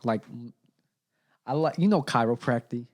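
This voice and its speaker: A man's voice: mid-range voice, expressive, measured pace. Young man, podcast guest, slangy and nervous, hiccuping, says bro a lot, mid-range voice. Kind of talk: casual chat.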